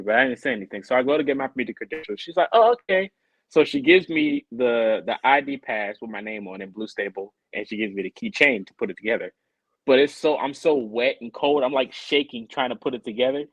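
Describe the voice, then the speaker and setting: A man's voice: medium pitch, fast, no room sound, low-quality recording. A man co-hosting a podcast, telling a long story in casual chat and acting out the voices of the people in it. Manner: animated, acts out quoted voices. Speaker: podcast co-host.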